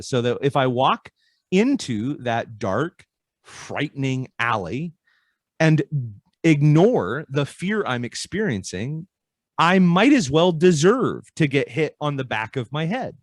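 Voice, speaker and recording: A man talks as a podcast guest, his fairly high voice swinging up and down in a very lively way. He acts out short back-and-forth exchanges as he explains. The sound is close and dry, with no room around it. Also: takes it slowly, no echo. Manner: animated, acts out little dialogues with changing voices.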